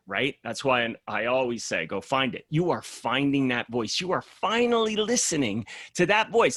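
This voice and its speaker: A man, a program founder, speaking in a casual podcast conversation as an animated storyteller who acts out the voices he quotes. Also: a little high, vocal fry, no echo, studio quality.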